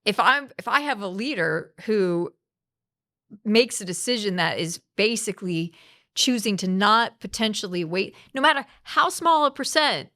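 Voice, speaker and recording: A woman's voice: a little high, bright, forceful tone. A woman co-hosting a podcast, making her point in an earnest, emphatic way. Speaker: podcast co-host. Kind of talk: casual chat.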